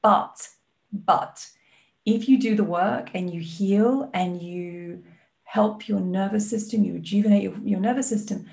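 A woman guest on a podcast, a life coach talking in an animated, earnest way. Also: mid-range voice, a little slow, gravelly. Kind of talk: podcast conversation.

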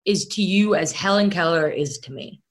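A young woman hosting a casual comedy podcast from a dining room at home, teasing her guest with deadpan jokes. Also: on the low side, normal speed. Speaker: podcast host.

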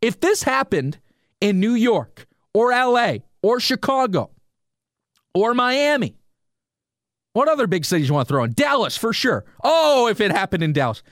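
A man's voice: very high voice, moderate pace, no room sound, studio quality. A man hosting a solo sports podcast, ranting with rhetorical questions and talking straight to his listeners. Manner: animated, rhetorical, talks to listeners directly. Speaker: sports radio host.

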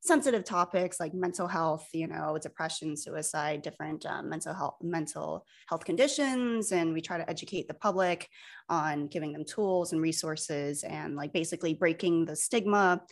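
A woman from New Jersey, a podcast guest talking over a video call, bubbly and quick to laugh, with lots of "like". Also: low voice. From New Jersey, United States. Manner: bubbly, laughs often, many "like" fillers. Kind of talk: casual chat.

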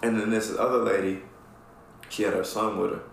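A man with a gravelly, fry-laced voice tells a story on a podcast, loose and profane, and acts out the lines of the people in it. The room is very echoey, with a faint hum of ambience behind him. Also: lowish voice, brisk. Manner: animated, profane storyteller who acts out quotes. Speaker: podcast co-host. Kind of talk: casual storytelling chat.

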